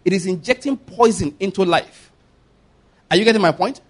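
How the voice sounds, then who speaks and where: A man's voice: sits high, moderate pace. A man with a Nigerian accent preaching a sermon, emphatic and rhetorical, often asking whether listeners get his point. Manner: emphatic, rhetorical, acts out quoted pleas.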